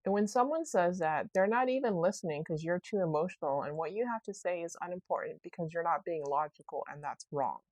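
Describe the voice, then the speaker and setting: Her voice is fairly low and darkish, and she talks briskly with hardly any pauses in a dry recording. She's a woman hosting her own podcast, musing rambling-style about her week and often correcting herself mid-sentence.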